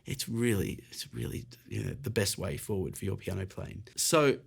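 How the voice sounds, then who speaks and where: A man's voice: sits low, sing-song, normal speed, vocal fry, breathy edge. A British man teaching an online piano lesson, encouraging and casual, explaining while counting and playing along. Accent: British English. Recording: faint piano music behind.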